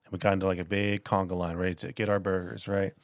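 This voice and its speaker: A man co-hosting a casual podcast, telling stories with animated delivery. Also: deep voice, fast, no echo. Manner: animated storyteller, acts out voices. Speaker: podcast co-host.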